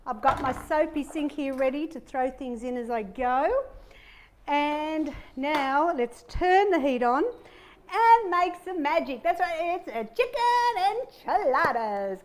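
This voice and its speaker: A woman's voice: high voice, a little hiss or hum. A middle-aged woman hosting a cooking show, chatting upbeat to viewers as she chops and fries in her kitchen. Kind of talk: casual cooking demonstration. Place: home kitchen. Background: pan sizzling and kitchen clicks.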